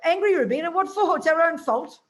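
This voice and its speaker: A woman voicing a calm male Tibetan ex-monk who dismisses anger in a breezy, emphatic way. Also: very high voice, a little fast, voice pushed up. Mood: breezy scornful.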